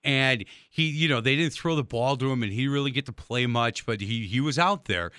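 A man hosting a radio interview, telling stories in an animated way with many restarts. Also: mid-range voice, a little fast, clear, resonant tone, no room sound, clean studio sound. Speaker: radio show host.

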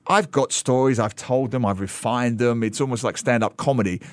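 A man co-hosting a weekend radio talk show in a studio, telling stories with animated energy and quick mimicry of other voices. His voice sits at a middle pitch. The sound is close and dry, with no room echo. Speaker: radio co-host. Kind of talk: casual radio chat.

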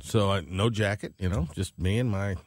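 Guy on late radio, lowish voice, slow rambly storytelling, dry studio sound. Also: dry recording. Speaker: radio co-host. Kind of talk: casual chat.

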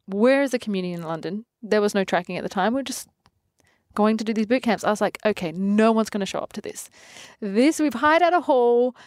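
A woman's voice: medium pitch, brisk, no echo, clean studio sound. Bubbly Australian woman telling stories. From Australia (Adelaide). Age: 20s. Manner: lively storytelling, acts out quotes, laughs often. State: pregnant. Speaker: guest, fitness trainer. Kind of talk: casual interview.

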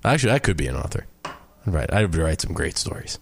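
A male co-host on sports radio teases his partner in fast, clipped banter. His voice sits low, and the sound is dry and close. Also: big pitch swings, slightly rough, dry recording. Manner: teasing, quick banter. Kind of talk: casual sports radio chat.

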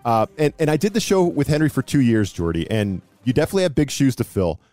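A man in his thirties hosting a casual sports podcast, chatty and self-deprecating, with quick asides. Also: medium pitch, sing-song, dark tone, dry recording, faint music behind. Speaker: podcast host.

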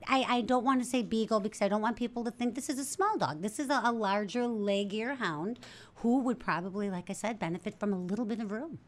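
A woman's voice: mid-range voice, brisk. A woman from an animal shelter talking about a dog up for adoption in a casual interview, chatty and enthusiastic, often restarting her sentences. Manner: chatty, self-correcting, enthusiastic.

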